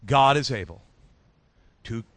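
A man preaching a sermon as pastor, in a rhythmic style that drops soft at phrase ends and leads the congregation in repeating lines. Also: medium pitch, animated, takes it slowly, no room sound. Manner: leads congregation in call-and-response.

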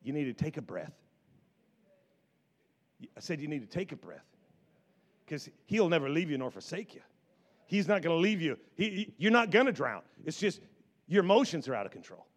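A middle-aged man preaches from the pulpit in a lively, conversational way. He stumbles over and repeats words as he goes, slipping into quoted voices. His speaking voice sits somewhat high for a man. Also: normal speed, long pauses. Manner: animated, repeats words, acts out biblical quotes. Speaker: pastor. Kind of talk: sermon.

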